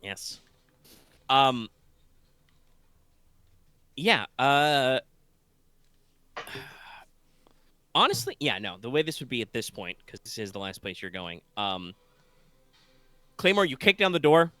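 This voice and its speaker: A drowsy male game master describes scenes over an online call, wandering through fillers and restarts. His voice is bright and crisp. The sound is dry and close. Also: medium pitch, very animated, slow, pauses often, no echo. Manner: rambling, full of fillers and restarts. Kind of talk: narrating a tabletop game.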